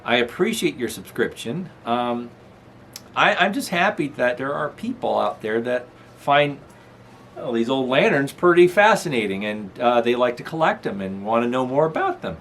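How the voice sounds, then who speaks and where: A man's voice: medium pitch, expressive, normal speed, fairly bright tone, slight background noise. A middle-aged man hosting a casual vlog, rambling and chuckling as he chats from his apartment. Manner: rambling, chuckling, talks baby-talk to his dog. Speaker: channel host. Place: apartment room.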